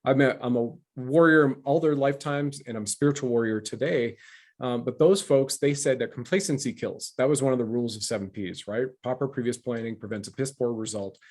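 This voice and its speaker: A man with a mid-pitched voice hosts an interview show, talking in an emphatic, lecturing way. He leans into wordplay and sermon-like asides. He is from Canada. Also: a little fast, darkish tone. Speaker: show host. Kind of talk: casual interview talk.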